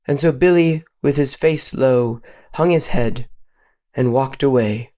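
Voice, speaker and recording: A man improvising a silly story with playful, mock-solemn narration and sudden pitch jumps. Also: measured pace, a little mellow.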